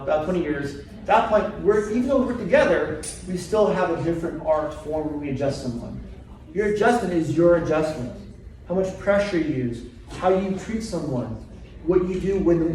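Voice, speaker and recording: High-voiced male chiropractor in an echoey room. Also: darkish tone. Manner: quizzes the audience with quick questions. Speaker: chiropractor teaching a seminar. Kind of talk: live seminar talk to a group. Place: seminar room. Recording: very echoey room, from far off, faint noise.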